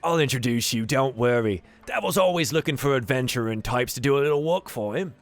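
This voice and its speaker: A man's voice: mid-range voice, lively intonation, fairly quick, lightly acted. A man voicing a big, burly, friendly woman who works the tavern.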